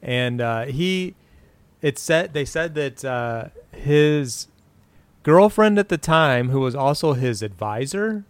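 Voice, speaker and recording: A man in his forties, chatting casually and rambling through old TV trivia. His voice is smooth and resonant, recorded dry and close with no room sound. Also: on the high side, lively intonation, slow pace, no room sound. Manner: rambling, recounts trivia with frequent fillers and restarts. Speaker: podcast co-host. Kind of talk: casual chat about an old TV show.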